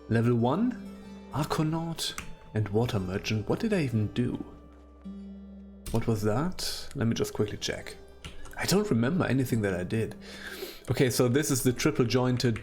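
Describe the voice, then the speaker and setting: A man's voice: mid-range voice, a little mellow. A man hosting a let's play, thinking aloud in a casual, unsure way and muttering to himself.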